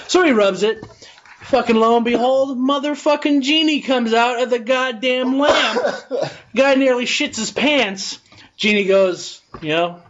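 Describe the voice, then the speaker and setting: A man's voice: very high-pitched, animated, takes it slowly, pauses often, fairly bright tone. A man co-hosting a casual podcast, telling a long crude joke in a rambling way, swearing often and laughing along as he goes. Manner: rambling, swears a lot, laughs through his own joke. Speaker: podcast co-host. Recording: dull lo-fi podcast audio, faint noise.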